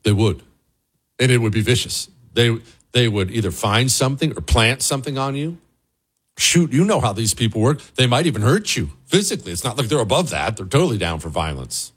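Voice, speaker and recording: A man's voice: medium pitch, animated, a little fast, slightly rough. A man hosting a political talk show, delivering a sarcastic commentary monologue and answering viewer questions.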